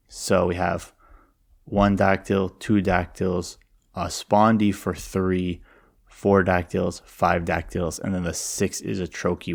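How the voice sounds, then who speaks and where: A man's voice: low voice, moderate pace, vocal fry. A man giving an explanatory lecture on classical verse, reading lines aloud and tapping out the meter syllable by syllable.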